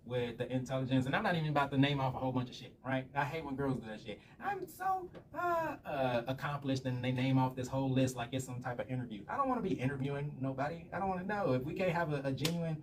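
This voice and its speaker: Fast-talking profane man ranting. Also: medium pitch. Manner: profane, rambling storyteller. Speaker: vlogger. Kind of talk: casual rant monologue. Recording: slightly distant mic with faint room noise.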